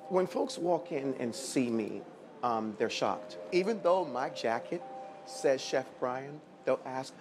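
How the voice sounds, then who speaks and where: A man's voice: medium pitch, slow pace. A man from Washington, D.C., a chef and restaurant owner, telling his life story and acting out other people's lines. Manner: animated, acts out other people's lines in a raised voice. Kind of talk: personal storytelling. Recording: music playing underneath.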